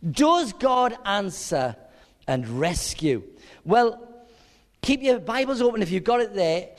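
High, lively preacher in a reverberant hall. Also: male voice, takes it slowly. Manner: expressive, reads scripture aloud with dramatic emphasis. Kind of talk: sermon. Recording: long reverb of a large hall.

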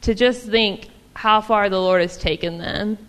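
A woman's voice: medium pitch, unhurried, long reverb tail. A woman giving a casual, chatty sermon in a church, with frequent ums and small laughs. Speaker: church speaker.

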